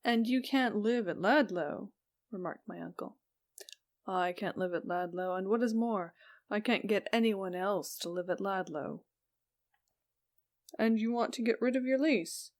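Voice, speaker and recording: A woman with a mid-range voice narrates a Victorian ghost story as an audiobook, slow and even, letting her voice drop softly on the speech tags.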